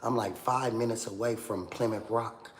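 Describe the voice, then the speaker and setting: Guy from oakland ranting on his livestream, kinda low voice, echoey room, faint hum behind. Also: steady tone, moderate pace. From Oakland, California. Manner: rambling, slangy, talks straight to viewers. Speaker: livestream host. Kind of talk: casual livestream rant.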